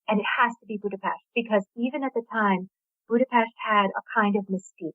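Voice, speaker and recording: A Hungarian-born woman in middle age, speaking with an American accent, is interviewed casually as a novelist and chats with enthusiasm and small laughs. Her mid-range voice is fast, with fairly even intonation and no echo. The recording is a tinny, dry phone line.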